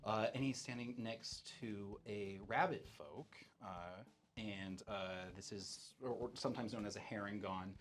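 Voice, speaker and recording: A man narrating a tabletop game as game master, relaxed and full of fillers. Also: on the low side, unhurried.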